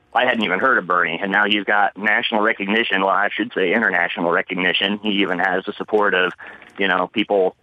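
A man's voice: fairly low pitch, pushed and bright, no echo. A man calling in to a radio show, sharing a hopeful, rambling opinion in a friendly way. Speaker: radio caller. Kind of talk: call-in comment. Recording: dull, dry call-in audio.

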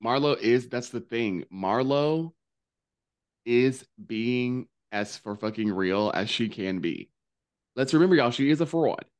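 A man co-hosting a podcast, recapping in casual chat with animated, profane, gossipy storytelling. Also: mid-range voice, unhurried. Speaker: podcast co-host.

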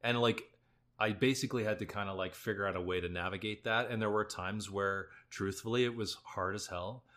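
A man, a guest performer, talking in a relaxed, rambling way with lots of filler words. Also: on the low side, fairly quick. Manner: relaxed, rambling, heavy use of "like" and "you know". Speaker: guest actor and singer. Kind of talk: casual interview chat.

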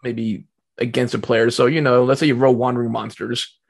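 A man with a gravelly, slightly husky voice chats in an easygoing way. He explains his points with examples and often chuckles along. He sounds like a relaxed co-host in a casual conversation. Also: mid-range voice, moderate pace. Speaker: podcast co-host. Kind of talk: casual chat.

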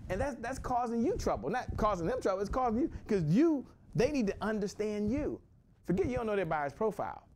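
A man from Washington, D.C. in his forties, hosting a motivational sales talk with an energetic, repetitive delivery. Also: sits high, a little fast. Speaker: host, sales coach.

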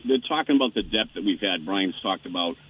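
A man from the Boston area with a Boston accent, calling in to a sports talk show and asking a question haltingly, with many fillers. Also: deep voice, expressive, a little hiss or hum. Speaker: caller. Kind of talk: call-in question. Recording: phone line, husky.

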